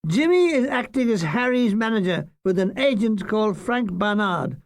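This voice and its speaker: A man's voice: sits high, no room sound. Older man reading his memoir, wryly. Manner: dry, wry comic delivery. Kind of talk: audiobook memoir narration.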